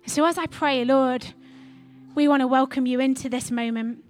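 High-voiced woman preaching. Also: steady tone, normal speed, faint music behind. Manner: earnest, repetitive exhortation. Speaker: pastor. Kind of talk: sermon.

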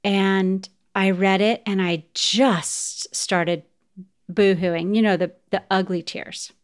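A middle-aged woman hosts a podcast and tells a personal story. Her voice is smooth and clear, at an ordinary pitch for a woman. She talks in a heartfelt way and often turns to address her listeners directly. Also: steady tone, slow. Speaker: podcast host.

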